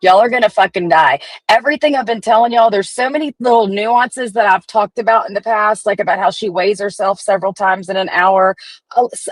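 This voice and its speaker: A woman's voice: medium pitch, brisk, no echo, poor audio. A woman hosting a profane, chatty commentary stream. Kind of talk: casual gossip commentary.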